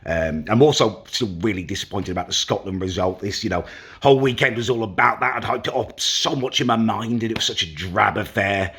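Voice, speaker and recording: A man's voice: lowish voice, a little fast, a bit bright, husky. A young man talking casually to camera in a rambling, self-deprecating vlog. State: hungover. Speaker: vlogger.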